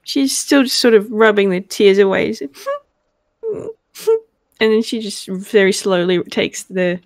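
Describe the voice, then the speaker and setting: A woman narrating as game master in a tabletop game, gently and with laughter. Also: mid-range voice, measured pace, no room sound, clean studio sound.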